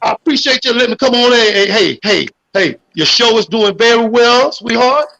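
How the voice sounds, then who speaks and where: Man, livestream guest, bright sharp tone, preachy and animated, cussing a lot. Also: very high voice, brisk, vocal fry, highs cut off. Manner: animated, preachy, swears freely. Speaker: guest caller. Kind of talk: casual livestream chat.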